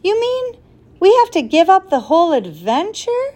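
A woman's voice: fairly high pitch, very animated, unhurried, a little mellow, pitched above the performer's own voice. A woman voicing a bold, determined boy who argues insistently. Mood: urgent. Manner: insistent, pleading.

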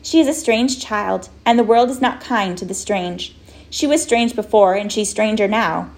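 Cold, controlled mother, quietly menacing; woman reader doing her. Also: medium pitch, natural voice. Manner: cool and deliberate.

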